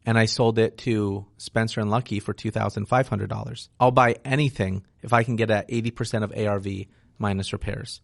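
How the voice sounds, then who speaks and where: Brief: man, lowish voice, dry close sound, frank investor guest explaining deals in a casual interview. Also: fairly even intonation, a little fast, gravelly, few pauses, no room sound. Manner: frank, explanatory, peppered with "right?". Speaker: real estate investor guest.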